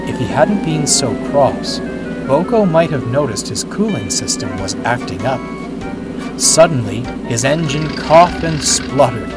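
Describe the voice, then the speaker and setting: Slow, expressive male storyteller. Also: medium pitch. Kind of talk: storybook narration. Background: music.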